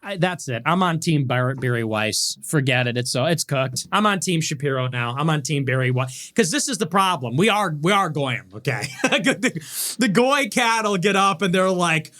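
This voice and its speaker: A man's voice: on the high side, lively intonation, normal speed, pushed and bright. A man ranting sarcastically on a livestream, mocking and crude. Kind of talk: livestream rant.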